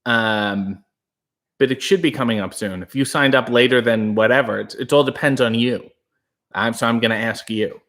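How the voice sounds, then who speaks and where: A Canadian man hosting a live stream, reading chat aloud and joking in a breathy, hushed way, close on a new microphone. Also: medium pitch, moderate pace. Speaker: livestream host reading chat. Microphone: new studio microphone.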